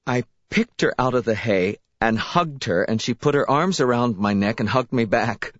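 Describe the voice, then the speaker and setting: A man reading a first-person story as an audiobook narrator, expressive and unhurried, in a slightly dull, dry recording. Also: medium pitch, no echo.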